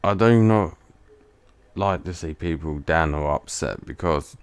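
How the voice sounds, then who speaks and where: A man's voice: low voice, unhurried, clear, resonant tone, dry recording. A man giving casual let's play commentary, talking earnestly and bluntly and often restarting his sentences. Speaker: gaming channel host.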